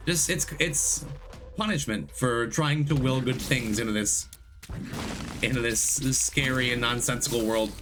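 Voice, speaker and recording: A man's voice: medium pitch, a little slow. A man streaming a video game, chatting loosely with his viewers and correcting himself as he goes, still recovering from a long illness. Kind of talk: casual gameplay commentary. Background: game music.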